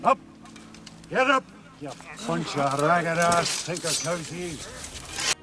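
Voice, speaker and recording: An actor playing a proud, commanding Highland clan leader in a period film, with a Scottish accent. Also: male voice, expressive, takes it slowly, background noise.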